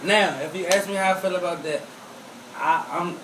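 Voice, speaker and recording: A man's voice: high-pitched, normal speed. A man chatting casually on a talk show, laid-back and profane, laughing often. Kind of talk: casual podcast chat. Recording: echoey room, distant mic, audible noise.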